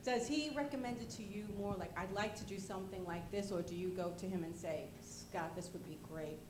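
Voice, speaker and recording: A woman's voice: medium pitch, fast talker. A woman from Brooklyn with a Brooklyn accent, an audience member asking a question, nervous and giggly. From Brooklyn, New York. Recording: distant audience mic in an echoey hall with noise.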